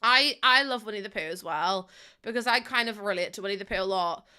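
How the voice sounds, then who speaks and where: A woman's voice: mid-range voice, a little fast, pushed and bright, clean tone. A young woman live-streaming, chatting casually with her chat, giggling often and greeting viewers as she talks.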